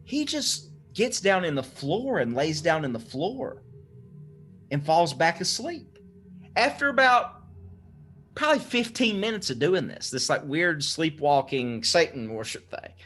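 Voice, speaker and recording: Young male podcast guest with a slightly high, very expressive voice, telling a story casually. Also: measured pace, slightly rough. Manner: animated, swearing, laughing storyteller.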